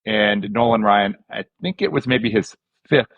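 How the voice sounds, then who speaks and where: A man's voice: on the low side, unhurried, creaky, narrow, tinny audio. A man co-hosting a podcast, telling anecdotes conversationally, with fillers. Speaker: podcast co-host. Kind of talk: casual podcast chat.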